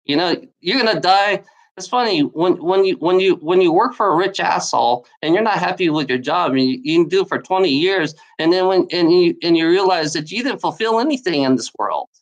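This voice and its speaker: A woman's voice: fairly low pitch, expressive, a little fast. Woman, angry solo rant to camera; profane, repetitive, confrontational. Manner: profane, repetitive, heated, addresses someone directly. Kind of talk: angry ranting monologue.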